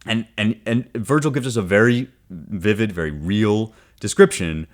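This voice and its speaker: A man with a low voice talks through a classic poem as a podcast host. He sounds casual and animated, drops wry asides, and keeps checking in with his listeners. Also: normal speed. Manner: conversational, often checks in with "right?"; wry and animated, reads passages aloud then unpacks them.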